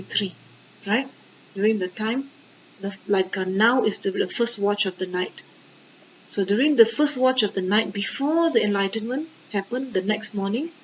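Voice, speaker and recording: A woman, a Buddhist nun and teacher, gives a dharma talk in an animated way, full of rhetorical questions and exclamations and often checking in with her listeners. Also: mid-range voice, highs cut off, slight background noise.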